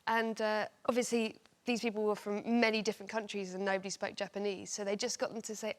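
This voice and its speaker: A woman panellist on a comedy quiz show, telling anecdotes in a deadpan manner. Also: mid-range voice, quick pace, few pauses.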